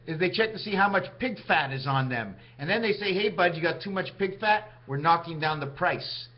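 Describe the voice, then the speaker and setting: A man vlogging a rambling monologue, jumping from topic to topic with big swings in pitch. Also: muffled recording.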